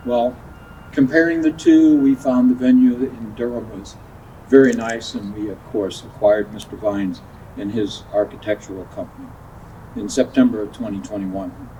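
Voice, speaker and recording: A man's voice: on the low side, steady tone, normal speed, mellow, lo-fi sound, slight background noise. A man chairing the county commission gives a folksy, conversational ceremony speech outdoors, sometimes correcting himself. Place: outdoors at a groundbreaking. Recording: distant outdoor recording, faint ambience.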